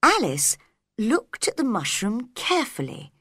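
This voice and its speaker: A woman reading a story aloud for English learners, clear and careful. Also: fairly high pitch, huge pitch swings, unhurried, pushed and bright, no room sound, clean studio sound.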